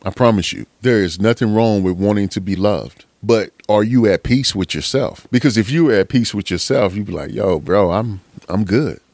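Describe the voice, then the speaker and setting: Man, low voice, casual slangy motivational monologue, dry close sound. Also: a little fast, hardly any pauses, darkish tone, no echo. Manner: preachy, repetitive, slangy, calls listener man. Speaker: motivational speaker.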